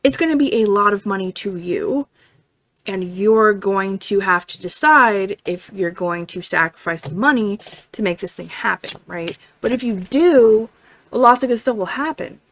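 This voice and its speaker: A woman's voice: medium pitch, lively intonation, normal speed, fairly bright tone. A woman giving a casual tarot reading in a chatty way, full of fillers, often checking in with "right?" and swearing now and then. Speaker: tarot reader.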